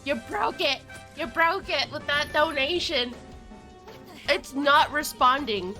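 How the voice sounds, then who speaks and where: A high, bright-toned woman chatting on a live game stream, taking her time with her words. She is giggly and flustered and keeps breaking into laughter. Faint music plays behind her. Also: slow. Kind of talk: casual live-stream chat.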